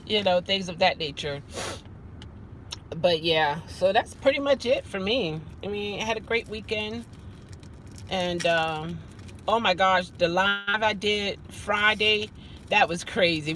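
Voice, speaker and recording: A woman's voice: lowish voice, a bit bright, poor audio. A woman chatting casually to her livestream viewers while driving, rambling, greeting commenters by name and repeating a favorite exclamation. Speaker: vlogger and rideshare driver. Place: inside a car driving on city streets. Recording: car and street noise behind.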